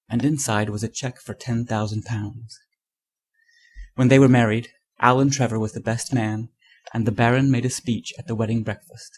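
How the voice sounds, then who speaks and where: A man reading a classic short story aloud in measured, scripted narration. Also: mid-range voice, fairly even intonation, a little mellow, breathy edge. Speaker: audiobook narrator.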